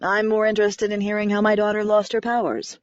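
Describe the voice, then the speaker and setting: A woman voicing a flamboyant, theatrical middle-aged warlock father who speaks in a slow, grandiose, pompous way. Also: mid-range voice, little pitch movement, no room sound, natural voice. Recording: dry, slightly dull recording.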